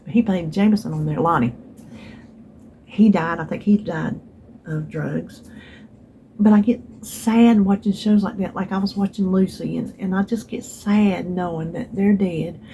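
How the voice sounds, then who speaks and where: Rambling Southern woman, mellow voice. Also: on the low side, a little slow, slight background noise. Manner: chatty, rambling, trails off and restarts, wistful asides. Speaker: vlogger. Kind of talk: casual rambling chat. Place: home, seated in a chair. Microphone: phone.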